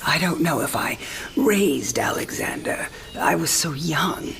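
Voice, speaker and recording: A sharp-witted elderly mother facing her last night alive. Her voice sits low yet moves a lot in pitch, and she talks frankly and wryly, often in a hush. Music plays faintly behind her in this game cinematic. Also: animated, measured pace, exaggerated voice. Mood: reflective. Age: older. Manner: wry, teasing, frank, often hushed. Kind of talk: video game cinematic drama.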